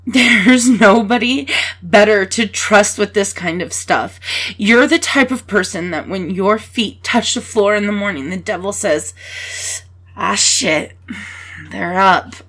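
A woman in a whispered role-play, speaking softly and reassuringly to the listener, swearing casually as she comforts them. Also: mid-range voice, a little slow.

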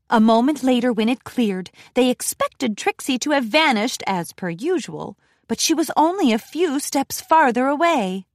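A woman giving an expressive, scripted narration of a children's storybook. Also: medium pitch, dry recording, clean studio sound. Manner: expressive, lively reading.

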